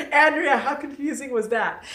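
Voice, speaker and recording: A woman's voice: high-pitched, pushed and bright, slight background noise. A woman hosting a casual livestream, laughing often and reading out viewer comments. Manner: chatty, laughing, reads viewer comments aloud. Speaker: livestream host. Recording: echoey room, distant mic.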